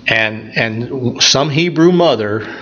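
A man preaching a sermon, retelling a scripture story in a conversational, animated way. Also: mid-range voice, takes it slowly, lo-fi sound.

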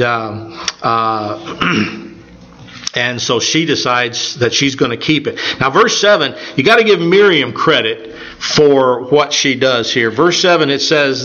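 Male preacher, sermon, bright forceful tone, conversational retelling, dull lo-fi sound. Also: mid-range voice. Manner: conversational, animated retelling of scripture.

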